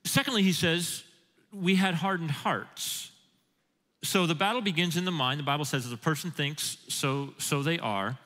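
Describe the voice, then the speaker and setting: A male pastor delivers an emphatic sermon in a church sanctuary, citing scripture and questioning his congregation. He speaks at a moderate pace in a fairly high, slightly bright voice, with the long reverb of a church hall.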